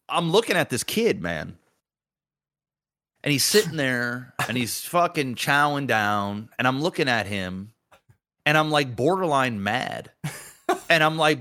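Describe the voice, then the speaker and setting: A man with a fairly high, bright voice and a tense edge co-hosts a podcast. He tells a story in loose, animated chat, swearing freely and breaking into laughter. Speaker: podcast co-host. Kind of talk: casual chat, anecdote telling.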